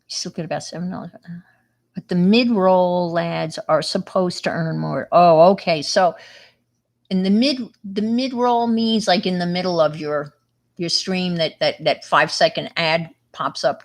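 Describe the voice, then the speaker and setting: Middle-aged woman, New York accent, slightly low voice, loose rambling livestream host. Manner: chatty, rambling, full of fillers and restarts. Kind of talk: casual chat with viewers.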